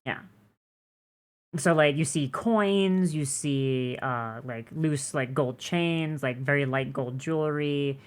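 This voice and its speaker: A woman's voice: low-pitched, takes it slowly. A woman narrating a tabletop game as game master, rambling with many fillers as she describes scenes.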